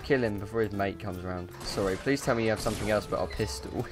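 A man's voice: fast talker, music in the background. A man hosting a gaming session, bantering and teasing his friends in casual chat. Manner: teasing, banter-heavy, lively pitch. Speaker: gaming channel host.

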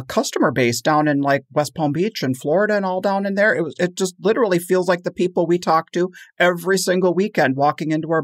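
Chatty guy podcast cohost, bit high voiced, animated, dry mic. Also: no echo. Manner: chatty, animated when quoting others. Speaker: podcast co-host. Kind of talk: casual chat.

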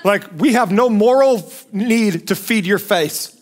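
A pastor putting on a selfish, laid-back wolf who talks like a casual dude, slow and drawling. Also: male voice, sits high. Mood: careless.

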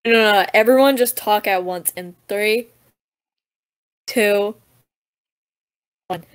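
A young woman chats on a group call, unhurried and giggly, calling the order of turns. Her voice sits in a middle register and she talks at a slow, easy pace. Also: mid-range voice, dry recording. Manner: giggly, runs the turn order. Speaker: podcast co-host. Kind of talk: casual group chat over voice call.

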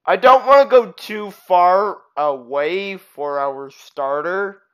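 A gaming channel host giving excitable let's-play commentary, quick to laugh and shriek. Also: medium pitch, smooth.

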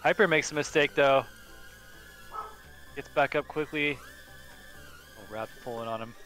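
A man giving excited play-by-play commentary on a drone race. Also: mid-range voice, a little slow, faint music behind.

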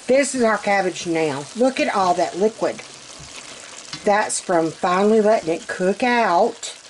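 A Southern woman talks her viewers through a home-cooked meal in an easy, unhurried drawl. Her voice sits at a middle pitch, folksy and chatty, with frequent laughs, and there is a faint sizzle of frying in the background. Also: slight background noise. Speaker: cooking channel host. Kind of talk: casual cooking vlog. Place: home kitchen.

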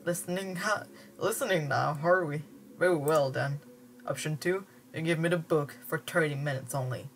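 A woman's voice: low voice, moderate pace, slight background noise. A woman reading the lines of a cold, calculating boy mastermind in a clipped, condescending way.

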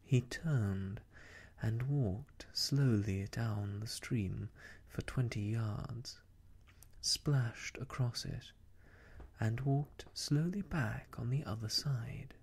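A man reading a children's story aloud as an ASMR storyteller, in a soft, halting whisper. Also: mid-range voice. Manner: soft, halting, breathy phrasing.

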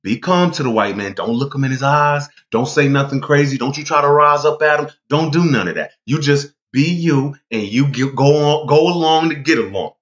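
A man quoting a cautious mother who urges her son to stay calm, in a low, hushed tone. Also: moderate pace, hardly any pauses, reverberant, highs cut off. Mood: pleading. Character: cautious mother, older woman, pleading calmly.

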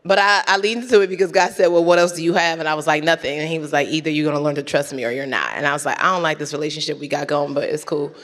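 A woman in her thirties from Nigeria, telling animated, laughing stories on a stage panel and acting out other people's voices. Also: deep voice, very fast, few pauses. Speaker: panel guest. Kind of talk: storytelling on a panel. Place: large hall with an audience. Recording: echoey hall.

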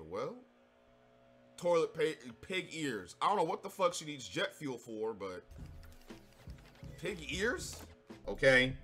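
A man's voice: fairly high pitch, a bit bright, slightly rough. A man giving a casual reaction review of a show, profane, sarcastic and exasperated. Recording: faint music behind.

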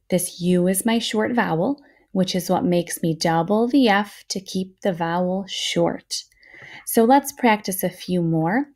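Slow-paced woman teaching phonics. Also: mid-range voice, darkish tone. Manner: slow, clear, encouraging. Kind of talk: phonics lesson for children.

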